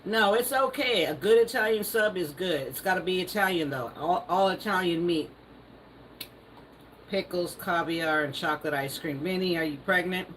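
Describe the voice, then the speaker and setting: A woman's voice: lowish voice, normal speed, fairly bright tone, a little hiss or hum, low-quality recording. A woman hosting a live stream, casually reading viewer comments aloud and teasing them, laughing often. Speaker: livestream host.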